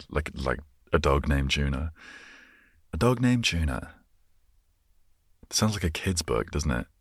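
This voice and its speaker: A man's voice: extremely low pitch, no room sound, studio quality. A man in his twenties with an English accent, hosting a solo podcast in a rambling, musing way, easily amused by his own tangents. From England. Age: 20s. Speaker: podcast host. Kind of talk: casual solo podcast chat.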